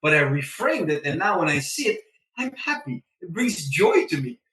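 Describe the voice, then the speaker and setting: A man talking as a podcast guest in a casual chat, an animated storyteller who acts out his own lines. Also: on the high side, moderate pace, recorded from a distance. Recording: echoey room, away from the mic.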